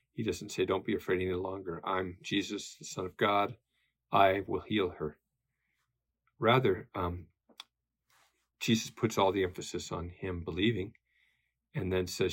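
A man's voice: low-pitched, slightly rough. A man teaching a Bible study lesson in a conversational way, with many fillers and tag questions.

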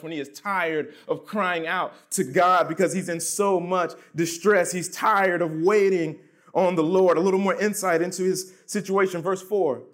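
High-voiced man preaching a sermon. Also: fairly bright tone. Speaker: pastor.

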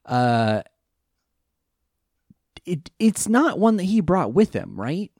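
Animated man in casual podcast chat. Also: a little high, slow pace, dry recording, studio quality. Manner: animated, breaks into goofy character voices and laughs. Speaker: podcast co-host. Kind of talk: casual chat recapping a show.

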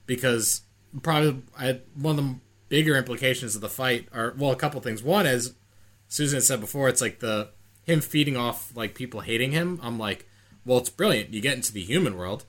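A man's voice: mid-range voice, fairly quick, fairly bright tone. A man co-hosting a podcast, thinking aloud in a rambling way. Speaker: podcast co-host. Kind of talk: casual chat.

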